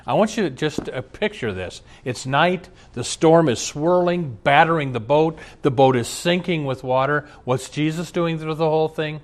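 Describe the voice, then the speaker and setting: A man's voice: medium pitch, moderate pace. A man preaching a sermon, telling stories with emphasis and occasional laughs. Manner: storytelling, emphatic, frequent laughs. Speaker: pastor.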